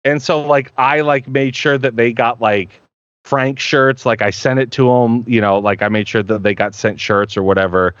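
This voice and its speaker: A man's voice: mid-range voice, steady tone, moderate pace, fairly bright tone, no echo, muffled recording. A male voice actor chatting on a live stream, rambling and profane with many restarts. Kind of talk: casual live-stream chat.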